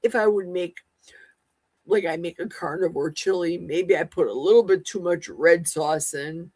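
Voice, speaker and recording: A woman's voice: fairly low pitch, normal speed, darkish tone, breathy edge, no room sound. A woman in her sixties hosting a live stream, chatting casually and sassily as she reads and answers viewers' comments. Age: 60s. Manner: chatty, sassy, talks back to viewers' comments. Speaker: livestream host.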